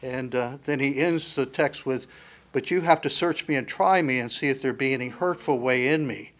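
A man's voice: medium pitch, moderate pace. A man preaching a sermon in an earnest, emphatic teaching manner, with frequent fillers and restarts.

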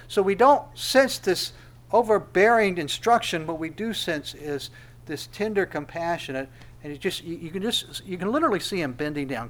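A man preaching a sermon verse by verse, dropping to a soft, hushed tone and then rising to loud, emphatic stress, slowing down on scripture phrases. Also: sits high, expressive, slight background noise. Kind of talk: expository sermon.

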